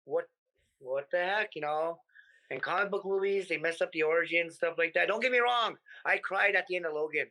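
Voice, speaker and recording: A man from the United States, a comedian guest in a casual interview, talking in an animated, profane way and acting out his stories. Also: fairly high pitch, a little fast, rough recording.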